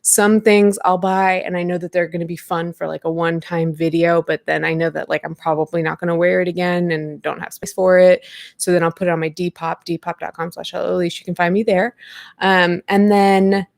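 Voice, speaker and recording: A woman's voice: lowish voice, level tone, fairly quick, vocal fry, dry recording, clean studio sound. A woman in her thirties hosting a casual live-stream podcast from home, chatty and self-deprecating with lots of fillers. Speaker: podcast host. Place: home room at a computer.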